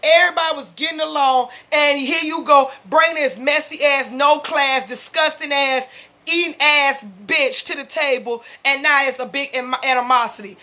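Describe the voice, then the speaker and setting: A high-voiced woman. She recaps a reality show in a fired-up, profane, casual rant. Her tone is bright and sharp. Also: fairly even intonation, normal speed. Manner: fired-up, blunt, heavy profanity. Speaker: reality show reaction vlogger.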